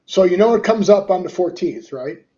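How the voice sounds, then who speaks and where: A man's voice: high-pitched, lively intonation, moderate pace, warm tone, dull audio. A man co-hosting a casual talk show, teasing his partner with quiz-style banter. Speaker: podcast co-host. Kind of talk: casual chat.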